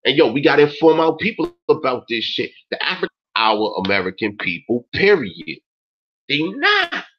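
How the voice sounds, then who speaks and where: A man's voice: medium pitch, expressive, moderate pace, husky. A man in his forties hosting a talk stream, ranting in an emphatic, profane way and peppering his speech with "yo" and "man". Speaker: host. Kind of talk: casual rant on a talk stream. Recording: dull lo-fi recording.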